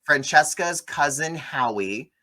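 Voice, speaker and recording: A man hosting a casual movie review chat, sarcastic and animated, mocking the film with quick impressions. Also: on the high side.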